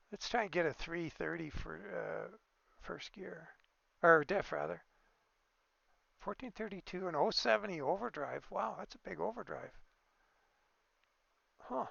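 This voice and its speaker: A man with a heavily gravelly voice talks through a truck-building game in an easygoing, off-the-cuff way, thinking aloud as he goes. The sound is dry and a little dull, recorded close on a desk microphone. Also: high-pitched, fairly bright tone, no echo. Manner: easygoing, thinking aloud with fillers and small exclamations. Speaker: gaming video creator. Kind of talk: casual gameplay commentary.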